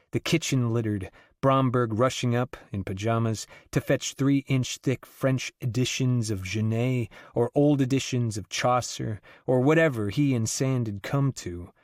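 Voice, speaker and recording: A man narrates an audiobook in a mid-pitched voice with a dramatic, rhythmic delivery. His pace and loudness swing freely from line to line. The sound is close and dry, with no room echo.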